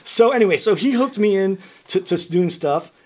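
A guest musician from New York tells stories in a casual interview, his husky voice sitting high at a moderate pace. He's an animated storyteller who gets loud when acting out quotes.

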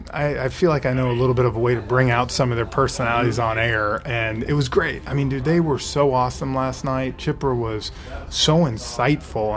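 A man in his forties, a former ballplayer and broadcaster, chatting enthusiastically in an interview with quick restarts. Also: mid-range voice. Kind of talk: casual interview.

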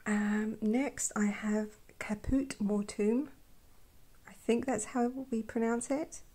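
A woman talking softly while swatching paints, often dropping to a whisper and gushing with delight. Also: fairly high pitch, steady tone, measured pace, breathy edge. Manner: gushing, effusive, trails off into whispers. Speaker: art vlogger. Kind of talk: soft-spoken swatching commentary.

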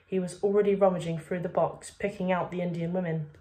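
A woman reading a children's book aloud with steady, expressive narration. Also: on the low side, fast talker. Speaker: reader. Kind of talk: storybook read-aloud.

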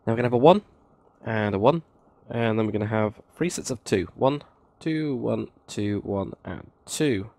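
A man's voice: on the low side, lively intonation, moderate pace, gravelly, a little mellow, dry recording. A man hosting a casual building tutorial, counting blocks aloud with chatty, self-mocking asides. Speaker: game tutorial host.

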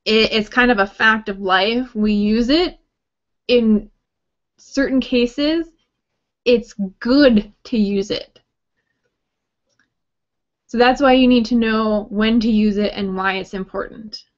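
A woman's voice: on the high side, fairly even intonation, slow pace, pauses often, lo-fi sound. A woman teaching a writing workshop on grammar, explaining in a friendly way with light joking asides. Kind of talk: recorded grammar lesson talk.

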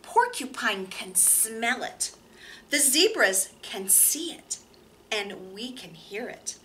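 A woman voicing a noisy troop of baboons who call out excitedly in a children's storybook. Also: a little high, takes it slowly, exaggerated voice. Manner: calling out, excited.

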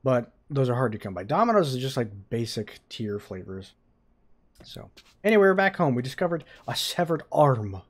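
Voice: medium pitch, sing-song, moderate pace. A streamer casually chatting and rambling while playing a video game, swearing now and then. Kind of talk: casual gaming stream chat.

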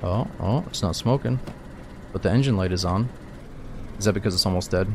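A man chats his way through a survival game stream, calling everyone "dude" and swearing freely. His voice is low with a gravelly fry, and he talks at a quick clip. A faint hiss of noise sits under his headset mic. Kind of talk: casual gameplay commentary.

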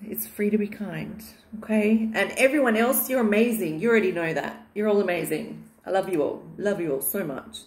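A woman's voice: mid-range voice, normal speed, few pauses, a little mellow. A woman chatting casually in her vlog, gushing and affectionate, with lots of fillers, filmed in the living room of her new home. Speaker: vlogger. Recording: echoey bare room.

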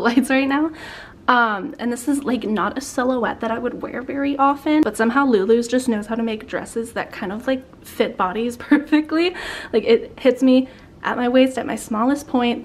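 Bubbly young woman gushing over clothes. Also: a little high. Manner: bubbly, gushing, chatty with frequent laughs. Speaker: vlogger. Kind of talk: casual try-on haul vlog.

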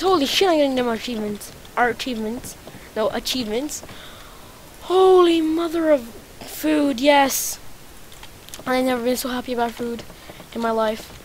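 A woman hosting a let's play, commentating excitedly as she plays, swearing often and repeating phrases over and over. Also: high-pitched, normal speed, slight background noise. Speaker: gaming channel host.

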